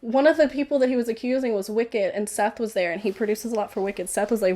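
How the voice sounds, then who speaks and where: A woman's voice: on the high side, fairly even intonation, fast, hardly any pauses, warm tone. A young woman on a podcast, telling a story in a casual chat and acting out the voices of the people in it, laughing often. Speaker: podcast guest.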